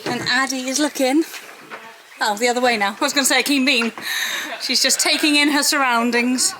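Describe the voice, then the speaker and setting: A woman's voice: high-pitched, brisk, sharp tone, rough recording. A young woman chatting casually in a vlog, bubbly and giggly, recorded outdoors. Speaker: vlogger. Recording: outdoor noise with passing vehicles.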